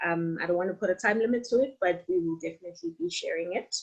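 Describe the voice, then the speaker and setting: A woman's voice: on the low side, sing-song, fast talker, husky, dull audio. A young woman moderating a webinar, relaying questions in a friendly, bubbly way. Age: young adult. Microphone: video call.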